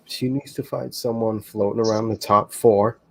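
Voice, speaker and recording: A man co-hosting a casual podcast about fights, talking in an animated way with quick asides and some swearing. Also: on the low side, creaky. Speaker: co-host.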